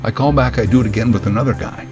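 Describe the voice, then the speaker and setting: A man, hosting a podcast and delivering a wry, deadpan comic monologue. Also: mid-range voice, rapid-fire, music in the background. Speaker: podcast host. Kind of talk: comedic storytelling monologue.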